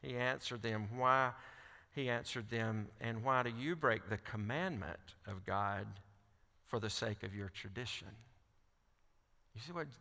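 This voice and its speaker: A man's voice: lowish voice, measured pace, creaky, sharp tone. A man preaching a sermon, reading scripture aloud and pressing questions on his listeners. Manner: reads scripture aloud, then presses questions with rising intensity. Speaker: pastor. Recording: long hall reverb.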